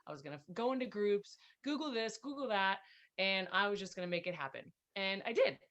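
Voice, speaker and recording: A woman guesting on a podcast, telling her story in a lively, upbeat way. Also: medium pitch, a little fast, highs cut off. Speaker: podcast guest, health coach. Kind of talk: casual interview chat.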